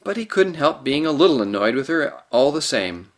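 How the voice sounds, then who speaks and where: Expressive male storybook narrator. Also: on the high side, normal speed. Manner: expressive, varied delivery. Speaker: audiobook narrator.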